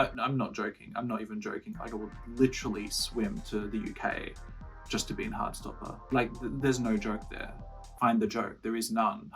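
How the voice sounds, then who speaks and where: A man's voice: medium pitch, a bit bright. A young man from Australia chatting casually to camera, playful and rambling, with lots of flustered restarts. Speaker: YouTuber and songwriter. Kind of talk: casual vlog talk.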